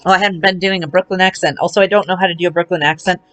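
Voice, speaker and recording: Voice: medium pitch, steady tone, racing, a bit bright, faint music behind. A streamer on a live game stream, reading dialogue aloud and cracking self-mocking jokes. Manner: joking, self-mocking asides.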